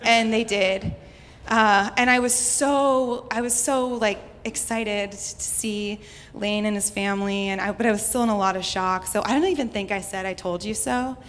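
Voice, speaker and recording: A woman's voice: medium pitch, steady tone, normal speed, a bit bright. A young American woman from Houston, telling a personal story to a live audience in a chatty way, laughing often and saying "like" a lot. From United States (Houston). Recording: reverberant hall, faint noise.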